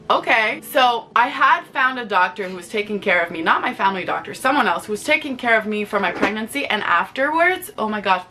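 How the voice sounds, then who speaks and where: A woman's voice: mid-range voice, bright, forceful tone. A young woman at home speaking candidly to camera in a rambling vlog, full of "like" fillers and restarts. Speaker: vlogger. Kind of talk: candid personal confession to camera.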